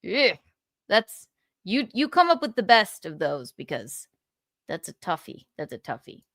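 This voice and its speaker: A woman's voice: on the low side, sing-song, unhurried, a bit bright, no room sound, studio quality. A woman hosting a livestream, chatting casually and giggling as she reacts to a clip. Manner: giggly, musing aloud. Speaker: livestream host.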